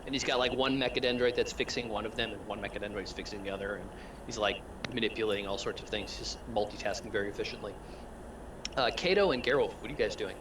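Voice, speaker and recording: A man's voice: lowish voice, fast talker, recorded from a distance, background noise. A man narrating as game master in a rambling, loose way, full of fillers.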